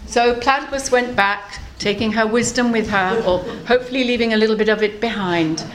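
A woman minister telling a story to a live gathering, playful and animated, often laughing and inviting the audience to join in. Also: on the high side, fairly quick. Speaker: minister and theme speaker. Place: meeting hall with an audience. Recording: echoey hall with audible room noise.

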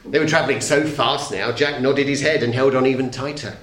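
A middle-aged man reading a children's story aloud to an audience, playful and expressive, dropping very soft for suspense. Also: mid-range voice, a little fast. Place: talk hall. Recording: echoey hall.

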